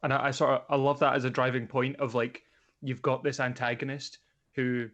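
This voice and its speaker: A man's voice: mid-range voice, level tone, a little fast, a bit bright, muffled recording. A young man co-hosting a podcast, talking wryly about a film, comparing it to video games and swearing. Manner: wry, uses gaming comparisons, swears. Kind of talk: casual film discussion.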